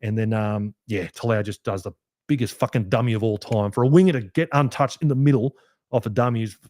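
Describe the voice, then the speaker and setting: Aussie bloke doing a footy review podcast, fired up and sweary, rambles a lot, dry close sound. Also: male voice, on the low side, brisk, no echo. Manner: animated, sweary, rambling fan talk. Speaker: podcast host. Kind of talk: solo sports review podcast.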